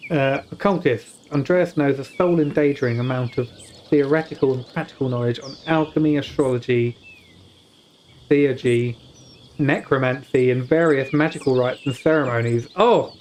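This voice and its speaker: A man's voice: medium pitch, normal speed, darkish tone, slight background noise. A young man from the UK streaming a story game, reading its text aloud and stumbling over hard words with joking asides. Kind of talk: casual let's-play commentary, reading game text aloud.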